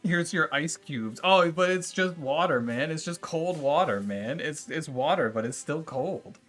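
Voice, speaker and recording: With faint music in the background, this game streamer speaks a little slowly in a fairly bright voice that sits on the high side and is animated. He's exasperated, cursing and ranting as he argues back at his viewers in casual chat.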